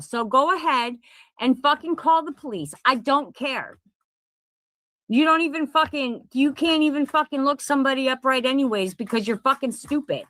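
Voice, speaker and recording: High-voiced woman ranting angrily. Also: moderate pace, bright, forceful tone, no echo. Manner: profane, confrontational, repeats herself. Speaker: content creator. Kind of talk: angry direct-to-camera rant. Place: at home in Pennsylvania.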